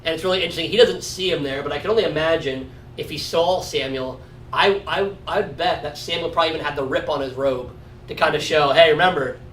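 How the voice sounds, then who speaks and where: A man's voice: on the high side, fast talker, a bit bright, slight background noise. A man teaching a casual Bible study, talking conversationally and often checking in with "right?". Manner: conversational, often adds 'right?'. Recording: roomy echo from a distant mic.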